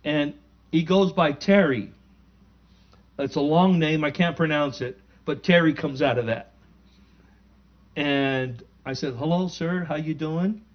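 A man delivering a sermon as a relaxed, conversational story, acting out the lines of everyone in it. His voice sits a little high for a man. The recording sounds somewhat muffled and lo-fi. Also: measured pace, pauses often. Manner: conversational, animated retelling with quoted dialogue. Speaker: pastor.

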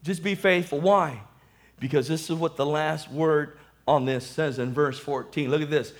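A male pastor preaching a sermon, animated, calling for amen and swinging between loud and hushed. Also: fairly high pitch, moderate pace.

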